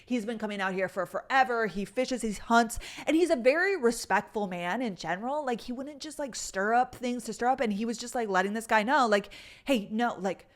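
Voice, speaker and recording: A woman's voice: fairly high pitch, brisk, hardly any pauses. Chatty young woman telling a rambling story. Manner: rambling, chatty, full of "like" and cursing. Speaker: vlogger. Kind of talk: casual storytelling to camera.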